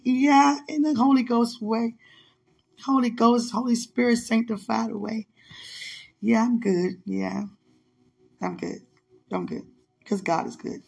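Excitable, laughing woman in faith chat. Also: medium pitch, takes it slowly, creaky, pauses often. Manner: excitable, laughing, swings from hushed murmurs to loud squeals; talks to herself to calm down. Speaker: podcast co-host. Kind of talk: casual faith chat on a call.

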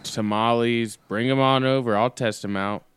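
A man's voice: mid-range voice, steady tone, moderate pace, fairly bright tone, smooth, no room sound. A man chatting casually as a podcast guest, upbeat and laughing off hard times. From United States. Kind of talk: casual chat.

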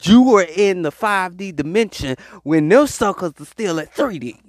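A speaker giving a rambling, slangy spiritual pep talk in a voice message, preaching with animated emphasis. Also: mid-range voice, normal speed, dry recording. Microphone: voice message recording.

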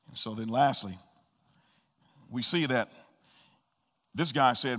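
A man preaching a sermon as pastor, swinging between soft low murmurs and high loud calls and repeating key phrases for emphasis. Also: lively intonation, slow pace, pauses often, in a large hall. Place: church sanctuary.

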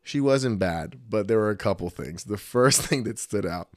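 A man's voice: lowish voice, moderate pace, no room sound, clean studio sound. A man co-hosting a casual chat, telling stories with lots of swearing and mimicking other people's voices. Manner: animated storyteller, mimics voices, swears freely.

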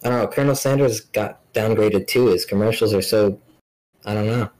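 A man's voice: lowish voice, a little fast, darkish tone, low-quality recording. A young man hosting a casual podcast, joking around and swearing freely. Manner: joking, swears a lot, mock outrage. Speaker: podcast host.

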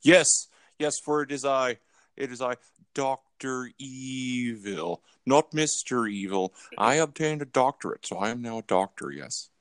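A man putting on the voice of a pompous supervillain doctor, drawing out his words slowly. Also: medium pitch, a bit bright, no echo, close to an everyday voice.

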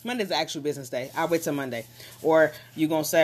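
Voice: mid-range voice, quick pace. Emphatic motivational speaker urging listeners on. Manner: emphatic and repetitive, building to forceful urging; speaks directly to listeners with questions. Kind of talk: motivational talk to an audience.

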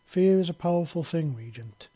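A man reading an audiobook, voicing a steady male clan patriarch who speaks in a measured, persuasive way. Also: a little high, breathy edge, pitched above the performer's own voice.

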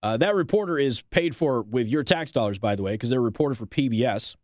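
Man, talk radio host, sarcastic monologue, bouncy pitch, dry close studio sound. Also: fast talker, no room sound. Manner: sarcastic, animated, laughs at his own jokes.

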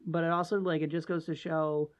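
A co-host on a casual podcast who talks in an animated way and fills sentences with "like". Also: mid-range voice, fairly quick. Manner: animated, heavy use of "like".

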